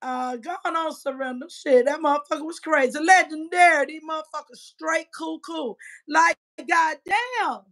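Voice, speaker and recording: A woman in her fifties with a high-pitched voice, ranting on a livestream. She trash-talks in a combative, profane way, swinging between loud outbursts and muttered asides. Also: normal speed. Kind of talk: heated livestream rant.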